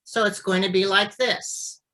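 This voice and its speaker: A woman speech therapist explaining and demonstrating voice exercises in a clear, deliberate teaching manner. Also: mid-range voice, steady tone, bright, forceful tone, low-quality recording. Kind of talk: instructional demonstration.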